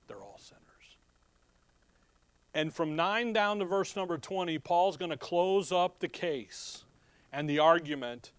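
A man preaches in an easy, conversational way and slips into stories. His voice sits a little high for a man. The sound is close and dry, with no room echo. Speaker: pastor. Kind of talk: sermon.

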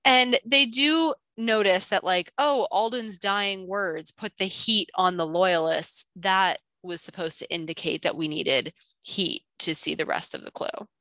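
A woman co-hosting a podcast, chatting casually as she recaps a book with quick asides. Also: mid-range voice, pushed and bright, no room sound. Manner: chatty, quick asides, reads clues aloud. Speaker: podcast co-host.

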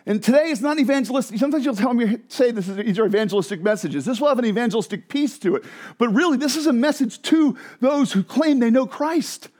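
A man preaching a sermon as pastor, animated and conversational, who drops low and quiet for emphasis. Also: quick pace.

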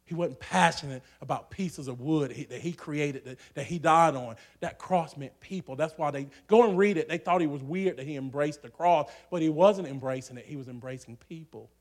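A man preaching a sermon in a church, swinging from hushed asides to loud, shouting peaks. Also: fairly high pitch, moderate pace, few pauses.

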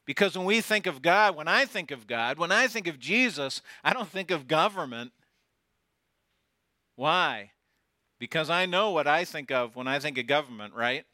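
A man preaching a sermon, swinging from loud declarations down to near whispers and putting rhetorical questions to his congregation. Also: fairly high pitch, lively intonation, normal speed, no echo, clean studio sound. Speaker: pastor.

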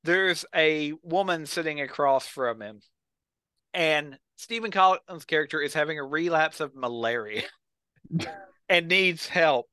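A man's voice: on the high side, unhurried, pushed and bright, smooth, no room sound. A man on a podcast, telling a story with enthusiasm and acting out the quotes. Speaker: podcast co-host. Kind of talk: casual chat.

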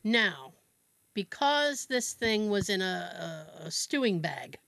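A woman co-hosting a podcast, telling a family story in casual chat, animated and acting out her relatives' voices with frequent laughs. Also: mid-range voice, takes it slowly, creaky, dry recording, clean studio sound. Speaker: podcast co-host.

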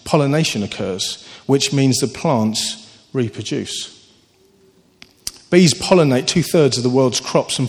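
A man preaching a sermon, earnest and animated, telling stories with sudden lifts in his voice. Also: mid-range voice. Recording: long hall reverb.

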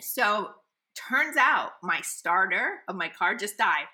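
A middle-aged woman co-hosting a podcast, telling a story in a dramatic, animated way and laughing often. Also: mid-range voice, slow. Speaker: podcast co-host. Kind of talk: casual chat.

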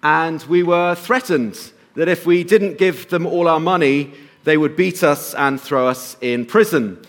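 A man giving a sermon and telling a personal story, slowing to soft emphasis at times and lifting his voice at others. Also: fairly high pitch. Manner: storytelling, shifts between soft slow emphasis and raised bursts. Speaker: pastor.

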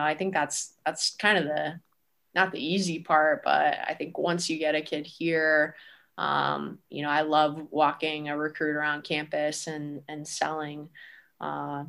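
A woman college coach answering interview questions in a relaxed, thoughtful way, with frequent ums. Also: deep voice.

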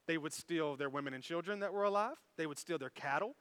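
A man preaching a sermon as pastor, animated and conversational, full of rhetorical questions to the congregation. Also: fairly high pitch, fast talker, clear, resonant tone, no room sound.

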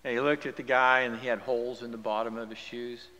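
A male pastor delivering a sermon, swinging from hushed, near-whispered storytelling to loud, rising exhortation in a church. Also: medium pitch, flat delivery, quick pace. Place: church sanctuary. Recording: long church reverb with music behind. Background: guitar music.

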